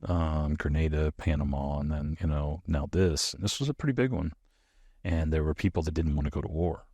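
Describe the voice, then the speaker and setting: A bass-voiced, middle-aged former soldier from the United States speaks a little fast, with a breathy edge and no echo. He recounts stories casually in an interview, bringing them to life by acting out the dialogue.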